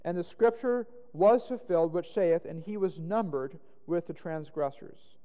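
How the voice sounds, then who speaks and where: A man with a somewhat high voice reads scripture dramatically at a slightly slow pace, rising to loud exclamations on the quoted lines. The top frequencies are cut off, and a long hall reverb surrounds him.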